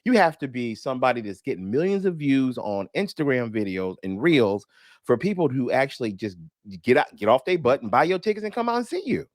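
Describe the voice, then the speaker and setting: A middle-aged man, a comedian co-hosting a radio talk show, chatting in an animated, emphatic way. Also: mid-range voice, brisk, no room sound, studio quality. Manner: animated, emphatic, says bro and man a lot. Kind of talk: casual comedy radio banter.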